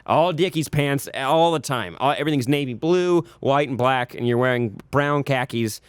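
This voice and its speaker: Laid back guy chatting on a podcast, smooth voice, dry close mic. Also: medium pitch, normal speed, no room sound. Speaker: podcast co-host. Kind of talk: casual chat.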